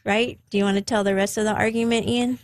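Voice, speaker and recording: A mother in her forties sharing a personal faith story in conversation, gently teasing her son. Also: mid-range voice, little pitch movement, quick pace, no echo. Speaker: guest, mother of a sick teen.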